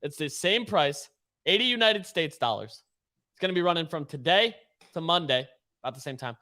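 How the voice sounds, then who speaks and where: A man co-hosting a podcast, clearly explaining sale details in a casual tone. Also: on the high side, expressive, moderate pace, pushed and bright. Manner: clear, matter-of-fact explaining. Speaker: podcast co-host.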